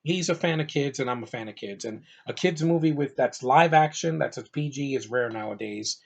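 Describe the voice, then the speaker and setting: A man at a middle pitch reviews a film in an easygoing, unscripted way. He rambles with plenty of "uh" and "you know", gushing with enthusiasm while sounding a bit worn out. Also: brisk, vocal fry, husky. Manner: enthusiastic, rambling, many fillers. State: tired. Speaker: movie reviewer. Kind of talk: casual movie review vlog.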